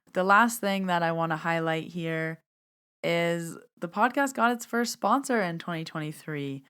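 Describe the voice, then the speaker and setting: A woman's voice: fairly low pitch, moderate pace, a bit bright, clean tone. A woman hosting her own podcast, chatting through a reflective, heartfelt year-end recap as a medium and teacher.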